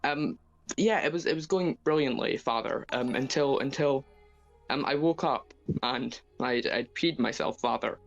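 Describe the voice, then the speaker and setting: A man's voice: medium pitch, measured pace, creaky, lo-fi sound, soft background music. A man with a Scottish accent, hesitant and stammering, making a comedic mock confession over a voice call. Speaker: caller confessing.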